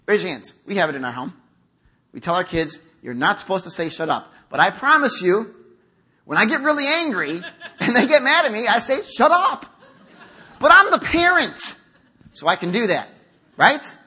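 A man's voice: sits high, sing-song, fairly quick, bright, forceful tone, breathy edge. A middle-aged man preaching a conversational sermon in a church, acting out quotes as he goes. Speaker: pastor. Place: church sanctuary.

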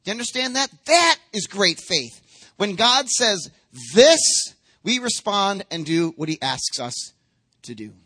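A man's voice: high-pitched, big pitch swings, a little slow, bright, forceful tone. A man preaching a sermon as a pastor, conversational and emphatic, acting out quotes as he goes.

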